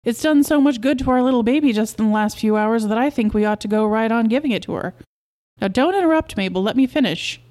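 A woman voicing an excitable, proud middle-aged beekeeper husband who coaxes and insists, in a storybook reading. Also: a little high, voice pushed up, natural voice.

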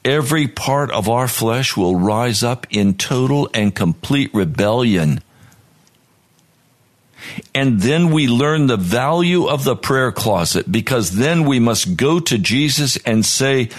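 A man's voice: medium pitch, animated, takes it slowly. A man preaching a sermon as pastor, earnest and at times pleading in prayer.

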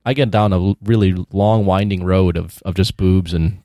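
A man with a low voice co-hosts a podcast, laid-back and half distracted as he chats. The recording is dry and close. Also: fairly even intonation, moderate pace, mellow, no room sound. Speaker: podcast co-host. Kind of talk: casual podcast chat.

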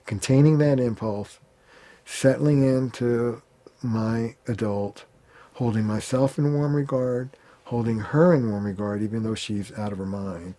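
Male therapist guest: mellow, relaxed tone; lively storyteller who slips into quoted voices. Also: medium pitch, unhurried. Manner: animated, acts out quoted arguments. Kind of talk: conversational interview.

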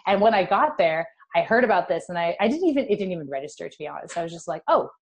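A woman's voice: on the low side, rapid-fire. Middle-aged woman telling a heartfelt story. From California. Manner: animated, emotional storytelling with laughter. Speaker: guest. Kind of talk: personal storytelling interview.

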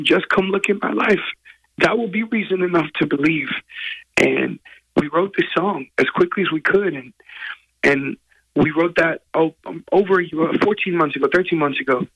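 A man, a guest musician, telling a personal story in an earnest, halting, emotional way from a hotel room. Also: on the high side, fairly bright tone, husky, muffled recording.

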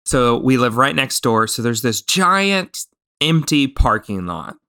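A man hosting a casual podcast, with a bright, forward voice at a middle pitch. He rambles through anecdotes in a chatty way, stopping and restarting his sentences often. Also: big pitch swings, slow pace, smooth, no echo, studio quality. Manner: chatty storyteller with many restarts and fillers. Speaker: podcast host.

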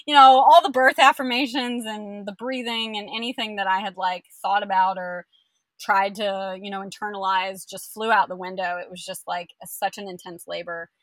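A young woman telling her birth story in casual chat, animated and full of fillers, acting out the people she quotes. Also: medium pitch, moderate pace, dry recording.

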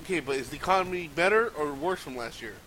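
A man's voice: a little high, animated, fast, bright, forceful tone, poor audio. A man co-hosting a casual gaming podcast, chiming in with short remarks and banter. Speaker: podcast co-host. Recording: faint hiss.

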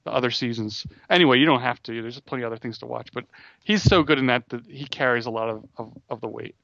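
A man co-hosting a casual podcast chat, rambling quickly with frequent restarts. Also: mid-range voice, creaky, fairly bright tone, dry recording. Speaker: podcast co-host. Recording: dull dry close-mic audio.

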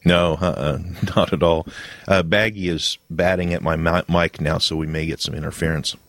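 A man with a very low voice hosts a relaxed podcast chat, easygoing and a little halting, laughing often. The sound is dry, with no room echo at all. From Ohio. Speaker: podcast host. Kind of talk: casual podcast conversation.

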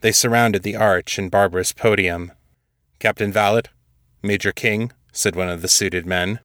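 A man reading a dramatic story aloud as narrator, voicing all the characters himself in a steady storytelling manner. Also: low voice, normal speed, no echo, studio quality. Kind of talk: scripted audiobook narration.

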